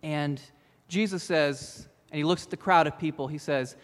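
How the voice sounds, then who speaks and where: A man preaching a sermon, telling a story with lively acted-out lines for its characters. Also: a little high, moderate pace, big-room sound. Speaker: pastor.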